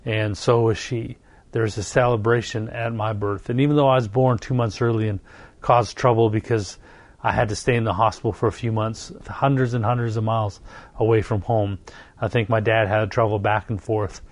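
A middle-aged man preaching a sermon, earnest and warm in his repetition, slowing down to stress each phrase. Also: on the low side, steady tone, dry recording. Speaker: pastor.

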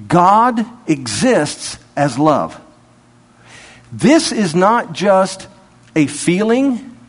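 Animated husky-voiced male preacher. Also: sits high. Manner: animated, laughing, acts out little dialogues. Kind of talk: sermon.

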